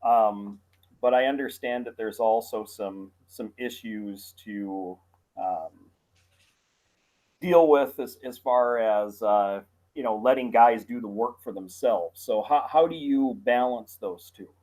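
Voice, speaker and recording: A man with a Midwestern American accent co-hosting a casual podcast, talking haltingly with many restarts. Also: mid-range voice, a little mellow. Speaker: podcast co-host.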